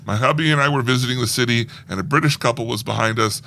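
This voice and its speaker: A man's voice: mid-range voice, quick pace, pushed and bright. A man co-hosting a film podcast, reading listener emails aloud in a playful, casual way. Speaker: podcast co-host. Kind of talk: casual chat.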